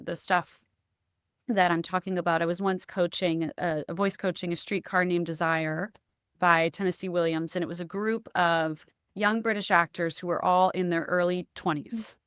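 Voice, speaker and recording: A woman's voice: lowish voice, moderate pace, smooth, no echo, clean studio sound. A woman voice and accent coach explaining her methods in a conversational interview, often checking in with "right?".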